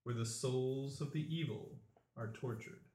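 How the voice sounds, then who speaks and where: A man gives voice to an ancient oracle spirit delivering a rhyming prophecy, slow and grave, each line weighed out like a chant. The tone sits mid-range, and the recording carries a noticeable room echo. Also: mid-range voice, steady tone, a little mellow, lightly acted. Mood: solemn. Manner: slow, solemn chanting in rhyme. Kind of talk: rhyming prophecy in tabletop game. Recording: roomy echo.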